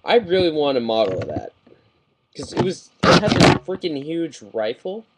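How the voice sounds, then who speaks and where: A man talking through a model kit review in a casual, rambling way, getting excited and often correcting himself mid-sentence, recorded on a webcam mic. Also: on the high side, normal speed, heavy background noise.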